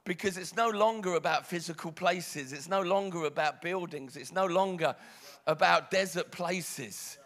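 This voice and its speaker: A man's voice: high voice, normal speed, few pauses. British man preaching, dramatic swings. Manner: dramatic, swings from hushed to loud. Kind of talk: sermon.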